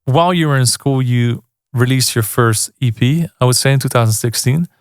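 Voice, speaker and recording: A man's voice: mid-range voice, moderate pace, clear, resonant tone, dry recording, studio quality. A man hosting a radio show, interviewing a guest in a friendly, casual way with frequent agreeing remarks.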